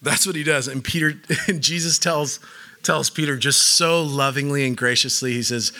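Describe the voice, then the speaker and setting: A man's voice: on the high side, fairly even intonation, moderate pace, bright, forceful tone. A man preaching a casual sermon, talking conversationally with lots of "like" fillers and acting out quotes as he goes.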